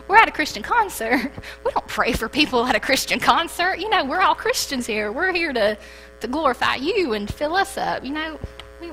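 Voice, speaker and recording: A young woman telling a personal story at a church service, animated and lively, acting out the dialogue. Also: a little high, poor audio. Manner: storytelling, animated retelling with quoted dialogue and laughter. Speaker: church speaker. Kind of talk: testimony to a congregation.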